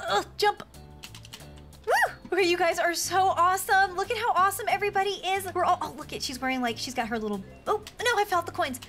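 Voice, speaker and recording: A young woman hosting a gaming and craft channel, gushing with excitement and gasping as she talks to her viewers. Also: very high-pitched, quick pace, soft background music. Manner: excited, gushing, squeals and gasps. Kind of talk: bubbly game commentary and craft tutorial.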